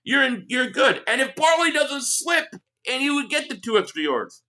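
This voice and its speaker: A man's voice: very high-pitched, sing-song, moderate pace, pushed and bright. A man hosting a live sports reaction stream, ranting heatedly and with lots of profanity while reading out viewer chats.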